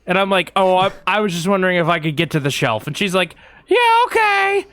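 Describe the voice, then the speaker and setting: Podcast guy telling a long rambly story, kinda high smooth voice, lots of likes and ums, dry close mic. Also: quick pace, no echo. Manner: rambling, animated anecdote with many fillers. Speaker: podcast co-host. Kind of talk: casual storytelling chat.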